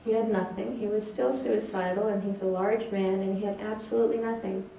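A woman's voice: mid-range voice, fairly even intonation, fairly quick, gravelly, a little hiss or hum. Older woman, doctor, earnest, hesitant, distant mic, roomy echo. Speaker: speaker telling a family story. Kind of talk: presentation. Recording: distant echoey lo-fi hall recording.

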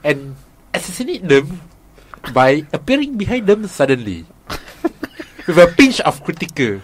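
A man, a podcast co-host, haltingly trying a put-on while laughing. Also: on the high side, big pitch swings, slight background noise. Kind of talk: casual podcast chat.

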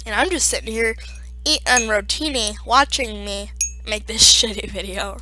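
A woman YouTuber in a casual vlog, excitable and gushing, swearing freely. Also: fairly high pitch, moderate pace, soft background music. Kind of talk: casual subscriber-special vlog.

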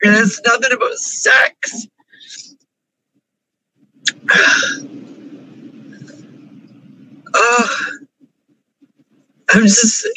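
Crying high-voiced man pleading, slow. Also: fairly even intonation, bright, forceful tone, a little hiss or hum, low-quality recording. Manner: pleading, repeats himself over and over. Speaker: vlogger. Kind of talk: emotional confessional vlog monologue. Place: parked car.

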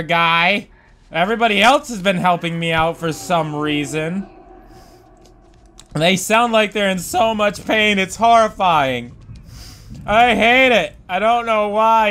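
A man with a high-pitched voice talks through a video game at a slow, drawn-out pace. He mutters to himself, then breaks into loud, swearing outbursts of disbelief. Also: clear, resonant tone. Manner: excitable, swings from mumbling to shouting, swears. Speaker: let's play host. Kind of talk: gaming commentary.

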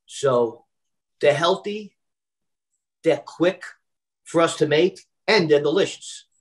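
Slow and expressive, a slightly high male voice comes through a rough recording. He's a Brooklyn, New York personal chef in a casual video-call chat, talkative and prone to fillers, restarts, and stuttered repeats when starting to speak.

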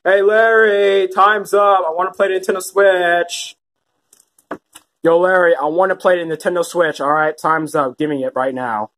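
A woman voicing an impatient male koopa with a lowered, pushy voice in a puppet comedy skit. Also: steady tone, normal speed, fairly bright tone, close to an everyday voice. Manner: demanding, pushy.

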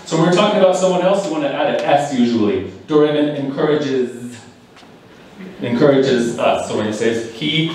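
Man, language evaluator, teacherly and patient, distant mic in a reverberant room. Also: on the high side. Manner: patient and teacherly, explains phrases and leads the room in repeating words. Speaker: language evaluator at a speaking club. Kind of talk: live spoken feedback to club members. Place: large echoey meeting room.

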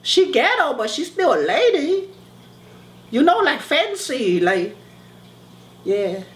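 A man's voice: very high-pitched, sing-song, takes it slowly, roomy sound, slight background noise, heavily acted. A man playing a dramatic middle-aged immigrant mother who speaks broken English. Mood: flirty.

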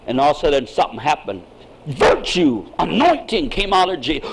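A pastor, an older man, preaching a sermon in an emphatic style that swings from quiet asides to shouting. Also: sits high, very animated, brisk, rough recording.

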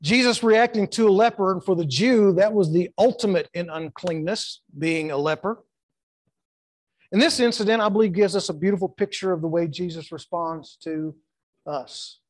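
Middle-aged male pastor, high-pitched, emphatic sermon delivery, dry close mic. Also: moderate pace, no echo. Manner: emphatic preaching with acted-out quotes and repetitions. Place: church sanctuary.

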